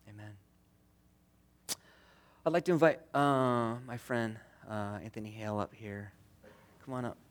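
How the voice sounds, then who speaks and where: A man preaching a sermon as pastor, earnest, moving between strong emphasis and hushed tender passages. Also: mid-range voice, normal speed, clean tone. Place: church.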